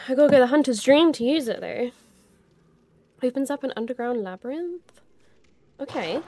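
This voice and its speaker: High-voiced excitable woman gamer. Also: moderate pace, pauses often. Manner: excitable, exclaiming and swearing under stress. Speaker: video game player. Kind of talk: let's play commentary. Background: game music.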